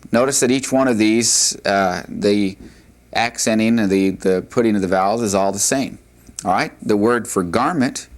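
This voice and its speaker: A man teaching a recorded language lesson, patiently saying each vocabulary word twice, with frequent fillers. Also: fairly low pitch. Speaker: Hebrew teacher.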